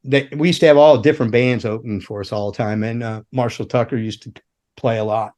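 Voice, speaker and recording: A man's voice: medium pitch, a little fast. A middle-aged man from the United States, a former roadie on a podcast, telling rambling, profane road stories and acting out the people he quotes. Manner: rambling, profane, animated storyteller who acts out quotes. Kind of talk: casual storytelling chat.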